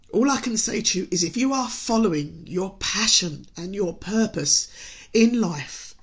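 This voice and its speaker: A woman, a hypnotherapist, giving an earnest motivational broadcast while emotional and near tears, often stumbling and restarting her sentences. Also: mid-range voice.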